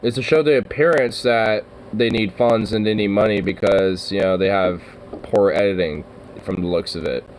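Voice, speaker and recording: A man's voice: lowish voice, moderate pace, darkish tone, slight background noise, low-quality recording. A young man hosting a reaction video, rambling and swearing in a slangy, laughing way. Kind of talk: casual reaction commentary.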